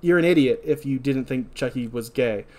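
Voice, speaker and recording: A man co-hosting a podcast, recapping an episode in casual chat, reading out dialogue and breaking into heated asides. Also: medium pitch. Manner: reads episode notes and quotes dialogue flatly between asides; gets heated and fast when ranting. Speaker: podcast co-host.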